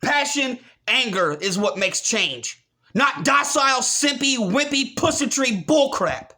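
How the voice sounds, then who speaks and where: Furious high-voiced man ranting. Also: animated, unhurried. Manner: furious, profane, often shouting. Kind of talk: angry rant.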